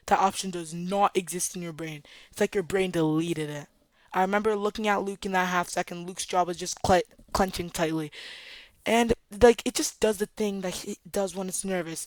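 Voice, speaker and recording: A young adult vlogger telling a storytime tale in a casual, dramatic, animated way. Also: medium pitch, normal speed, no echo.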